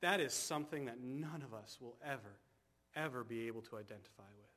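A medium-pitched male pastor gives a sermon inside a church. Hushed, slow moments build into loud, fervent calls.

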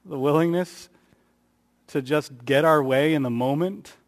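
Man preaching in an echoing hall. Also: measured pace. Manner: rises in pitch and volume for emphasis, acts out quotes. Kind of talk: sermon. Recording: long hall reverb.

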